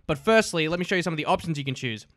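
A man's voice: fairly high pitch, expressive, racing, fairly bright tone, no echo, studio quality. A man giving casual, crude and jokey gameplay commentary as host of his gaming videos.

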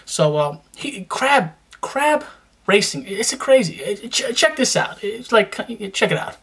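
A woman chatting through a casual vlog of shout-outs, her pitch sitting right in the middle of the range. She talks excitably and jokes as she goes. Her sentences keep tripping and restarting. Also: unhurried, slightly rough. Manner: excitable and joking, with frequent stammered restarts. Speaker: video host giving shout-outs.

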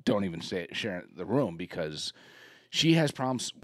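A man's voice: low voice, big pitch swings, normal speed, no room sound, clean studio sound. A man co-hosting a podcast in casual chat, rambling with restarts and laughing along. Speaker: podcast co-host.

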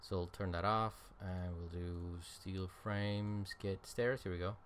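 Low-voiced and unhurried, this man keeps his intonation fairly even, with slight background noise in the clip. He's a tired, yawning game streamer giving casual let's-play commentary. He rambles, thinking aloud with many ums and uhs.

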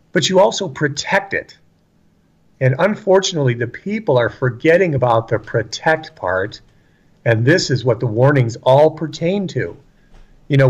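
A man's voice: mid-range voice, breathy edge, dull audio. Emphatic man preaching in conversation. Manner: emphatic, repeats lines for stress, acts out quotes. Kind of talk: religious discussion, casual and preachy.

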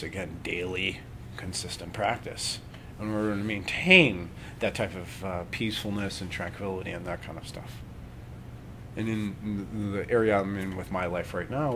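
A man leading a live workshop on breathing and meditation, talking calmly and conversationally and often checking in with his listeners. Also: on the low side, a little hiss or hum. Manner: calm, conversational, checks in with "right?".

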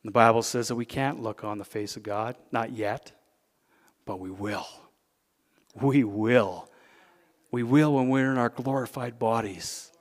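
A man with a Canadian accent, a pastor preaching a sermon, who swings from loud, emphatic peaks down to hushed, intimate asides. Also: medium pitch, unhurried, pauses often, big-room sound. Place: church sanctuary.

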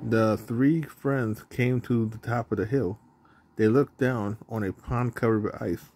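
A man reading a children's storybook aloud in a plain, even narrating manner, with the odd stumble. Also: mid-range voice, a little slow, faint music behind.

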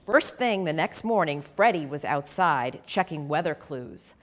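A woman reading her children's picture book aloud, with expressive storytelling and asides to the host. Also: deep voice, measured pace.

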